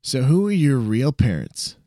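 Man doing a higher, mocking young roommate voice, sarcastic and playful, story reading. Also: very animated, a little slow, dark tone, no echo, studio quality. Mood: teasing. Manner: teasing, mocking drawl.

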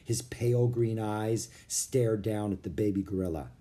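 A man narrating a children's storybook with an expressive reading. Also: lowish voice, measured pace.

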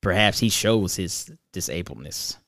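Deep-voiced, reflective man in conversation. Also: lively intonation, a little slow, creaky, a bit bright, dry recording, clean studio sound. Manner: thoughtful, reflective, searching for words. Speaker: podcast co-host. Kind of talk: casual conversation.

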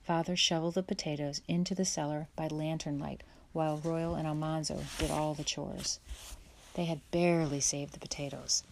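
A woman reading a children's chapter book aloud in a gentle, measured storytelling way. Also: low voice, steady tone, vocal fry, slight background noise. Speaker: audiobook reader. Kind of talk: storybook read-aloud narration.

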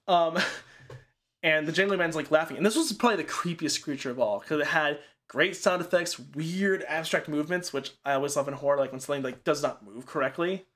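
A man's voice: on the high side, a bit bright. A man in casual chat, recapping a horror movie in a rambling way, full of "like" and casual swearing.

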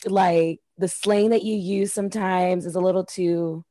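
Mellow-voiced woman chatting candidly on a podcast. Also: lowish voice, measured pace, no room sound. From Mexican heritage. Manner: candid, profane, animated storytelling. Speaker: podcast co-host. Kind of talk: casual chat.

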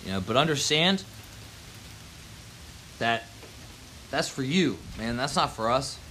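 A man's voice: mid-range voice, expressive, takes it slowly, bright, forceful tone, slight background noise. A man, ranting heatedly and profanely on his porch, dropping "man" and "yo" throughout. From Baltimore, Maryland. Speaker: vlogger. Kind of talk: profane outdoor rant. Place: front porch outdoors in the rain.

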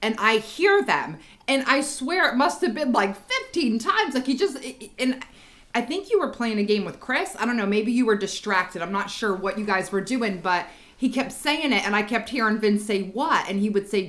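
A woman's voice: mid-range voice, normal speed, fairly bright tone. A middle-aged woman co-hosting a podcast, animatedly telling a family story and laughing along. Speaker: podcast co-host. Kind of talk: casual storytelling chat.

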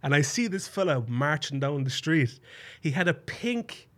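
Young irish guy, casual chat, lively swoopy voice, swears a lot, acts out people in his stories. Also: a little high, moderate pace. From Ireland.

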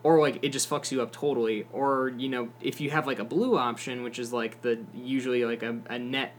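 A man's voice: medium pitch, fairly even intonation, brisk, a little hiss or hum. A young man co-hosting a podcast, rambling casually about a video game with lots of fillers and swearing. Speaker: podcast co-host. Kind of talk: casual gaming chat.

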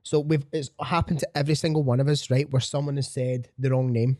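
Podcast host, sweary and blunt, close dry sound, middle pitch. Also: male voice, fairly even intonation, quick pace, a little mellow, no room sound. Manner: blunt, sweary, emphatic ranting. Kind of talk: casual opinionated chat.

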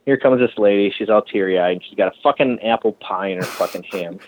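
A man's voice: fairly low pitch, brisk, slight background noise, low-quality recording. A custom bicycle frame builder, a man telling stories in a casual podcast interview, swearing freely and ranting heatedly.

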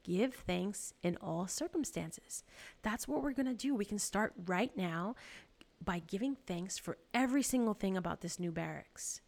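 A woman's voice: mid-range voice, animated, unhurried, a little mellow. A woman reading aloud and voicing a devout, serene woman prisoner who speaks eagerly and insistently to her sister.

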